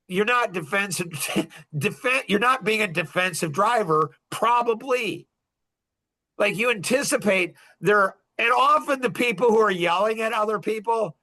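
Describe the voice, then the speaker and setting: Guy podcasting, high bright voice, rambly and worked up, says like a ton. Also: animated, normal speed. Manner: rambling, emphatic, filler-heavy with many "like"s. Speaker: podcast host. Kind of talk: casual monologue.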